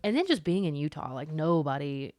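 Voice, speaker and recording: A woman's voice: low-pitched, fairly quick, no echo, clean studio sound. Southern woman with an Alabama accent, casual chat. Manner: chatty, laughing, animated asides. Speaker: podcast co-host.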